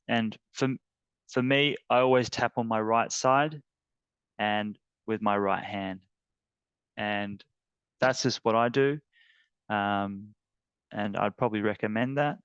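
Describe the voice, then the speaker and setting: A man teaching an emotional tapping technique, talking in a halting, earnest way with many fillers. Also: lowish voice, fairly bright tone, clear, resonant tone, no echo, dull audio. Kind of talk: guided tapping demonstration.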